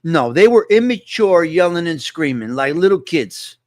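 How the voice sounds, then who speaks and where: A man's voice: fairly high pitch, very animated, normal speed, a little mellow, no room sound, studio quality. A man hosting a casual live-stream chat, talking to viewers and repeating his points with emphasis. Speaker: host.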